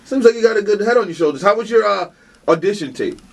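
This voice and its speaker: Hosting an interview show, a man is playful and teasing, joking with his guest in casual chat. His high, expressive voice is fast and gravelly, with a darkish tone.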